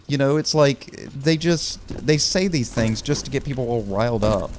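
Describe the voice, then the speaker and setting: A man's voice: mid-range voice, expressive, moderate pace, hardly any pauses, a little hiss or hum. A young man rambling and joking his way through casual gameplay commentary. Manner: rambling, jokey, puts on loud emcee shouts. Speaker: gaming YouTuber.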